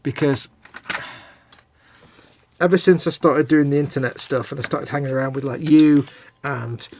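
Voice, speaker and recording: A middle-aged man, rambling through anecdotes in a chatty, self-mocking way. His voice sits slightly high for a man. A faint hiss runs under the talk. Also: fairly even intonation, normal speed, gravelly, darkish tone. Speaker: co-host of a live hobby stream. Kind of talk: casual banter.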